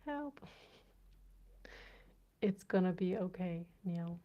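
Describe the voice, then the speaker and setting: A woman's voice: fairly low pitch, lively intonation, slow. A woman hosting a casual livestream, playfully chatting with viewers and reading their comments aloud. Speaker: livestream host. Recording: dull lo-fi stream audio.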